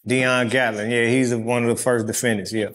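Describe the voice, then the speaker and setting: Profane, animated man telling stories. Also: mid-range voice, normal speed. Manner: profane, animated storyteller who acts out quotes. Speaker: interview guest. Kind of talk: casual interview storytelling.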